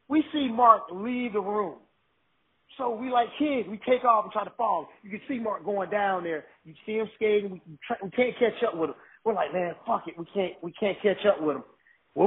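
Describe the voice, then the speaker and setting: Animated high-voiced man on a phone-like line. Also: a little fast. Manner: excited, animated storytelling with restarts. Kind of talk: casual storytelling chat.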